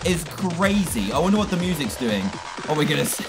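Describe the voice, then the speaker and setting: A man giving excitable let's-play commentary on a video game, exclaiming and laughing as he plays. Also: on the high side, brisk, loud music behind the voice. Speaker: gaming YouTuber.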